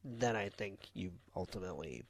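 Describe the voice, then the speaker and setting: A man co-hosting a casual film review chat, weighing his points in a measured, analytical way. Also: sits low, animated, slight background noise.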